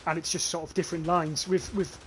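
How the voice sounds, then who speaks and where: A young man with a northeast English accent gives loose, chatty commentary while he plays a game live. His voice sits a little high for a man, and he swears freely and stumbles over restarts. There is a faint hum of noise behind him. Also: level tone, brisk, a bit bright. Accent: northeast English, near North Yorkshire. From northeast England. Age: young adult. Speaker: gaming livestreamer. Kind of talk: casual live gameplay commentary.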